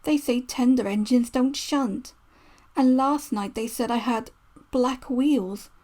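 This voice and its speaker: A woman voicing a gentle, kind male steam engine who speaks politely and meekly. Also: fairly high pitch, takes it slowly. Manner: polite, meek.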